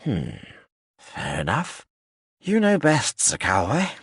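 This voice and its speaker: A man's voice: mid-range voice, huge pitch swings, slow, fairly bright tone, slightly rough, no echo, studio quality, pitched above the performer's own voice, heavily acted. A male narrator voicing a drunk, slurring, grey-haired older soldier with pompous, befuddled dignity in an audiobook. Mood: drunken bluster. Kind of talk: audiobook character voice.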